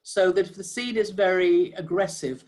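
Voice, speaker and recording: Measured audio description trainer on a call. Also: mid-range voice, darkish tone. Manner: measured, explanatory, frequent fillers and restarts. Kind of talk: giving feedback in a workshop.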